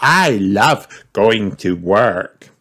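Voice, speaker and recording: A man's voice: lowish voice, expressive, very slow, background noise. A man voicing a cheerful little girl piglet in a storybook read-aloud, with an eager, chirpy, questioning manner. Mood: excited.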